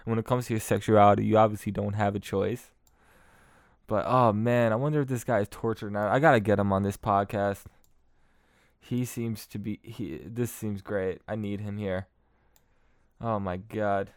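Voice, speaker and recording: A man hosting a podcast, giving crude comic commentary on clips, laughing often and excitable. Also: on the low side, moderate pace, a crowd in the background. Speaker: podcast host.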